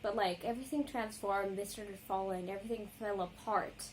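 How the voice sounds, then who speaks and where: A woman vlogger reacting to music in a casual, rambling chat, full of ums and likes and quick apologies. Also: mid-range voice, fairly even intonation, a little hiss or hum.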